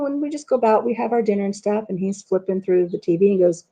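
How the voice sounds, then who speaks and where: Speaking directly into her webcam at home, a chatty middle-aged woman hosts a laid-back live chat stream. She talks fast in a mid-range voice, wanders between stories, reads viewers' comments out loud as she goes, and laughs at her own tales.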